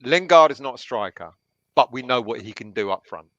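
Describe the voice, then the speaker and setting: Man, host, bright tone, dry close sound, live football chat, asks the panel questions. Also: mid-range voice, expressive, no echo, muffled recording. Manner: leads the panel with questions, quick asides.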